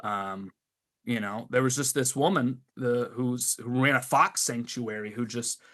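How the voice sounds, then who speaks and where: Speaking in a mid-range voice at an unhurried pace, this middle-aged man builds creature puppets. As a podcast guest in a relaxed chat, he recounts stories with lively frustration.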